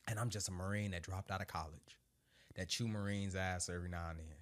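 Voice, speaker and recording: A young adult man, a Marine sergeant, telling his own story as a guest in casual conversation. He swears freely, laughs through his anecdotes, and drops low and quiet when he turns reflective. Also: fairly even intonation, brisk.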